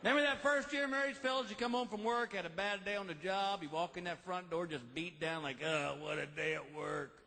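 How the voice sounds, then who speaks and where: A middle-aged man doing a lively stand-up comedy routine, telling stories and acting out quick voices. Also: high voice. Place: large live venue with audience. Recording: live show with crowd noise.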